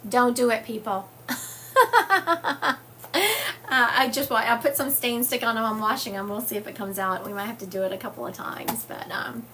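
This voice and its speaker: This Southern woman's voice is high-leaning, bright and forceful, delivered at normal speed over slight background noise. Hosting a psychic livestream via phone or webcam, she chats informally and reads viewer comments aloud, using fillers often.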